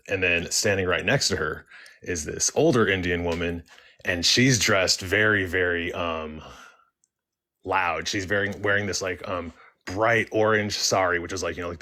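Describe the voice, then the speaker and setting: A young man with a very low voice and a bright, forceful tone tells his own story in a casual way. He halts often and restarts his sentences, filling the gaps with likes and ums. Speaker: caller sharing a story. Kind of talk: casual first-person storytelling.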